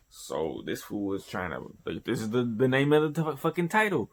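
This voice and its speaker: A man's voice: medium pitch, sing-song, normal speed, hardly any pauses. A man hosting a casual comic chapter review, rambling through the panels with profanity and loose play-by-play. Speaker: host of a manga review show.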